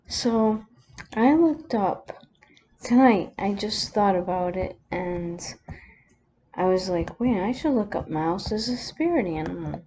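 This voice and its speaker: A woman vlogger telling a personal story, close to tears, halting with many pauses and restarts. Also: medium pitch, dark tone, a little hiss or hum.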